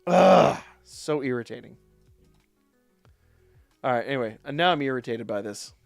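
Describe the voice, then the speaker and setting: A man's voice: mid-range voice, lively intonation, normal speed, creaky, no room sound, soft background music. Swearing man streaming a game live. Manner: swears a lot, rants in frustration; talks to chat in a casual tone. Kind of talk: live gameplay stream commentary.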